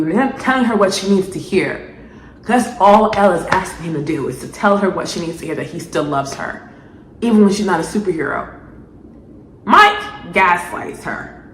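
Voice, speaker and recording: A woman rants through a commentary vlog in a fairly low voice, sarcastic and exasperated, swinging between loud outbursts and muttered asides. She is recorded in an echoey room with a faint hum of ambience behind her. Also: expressive, normal speed. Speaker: video essayist.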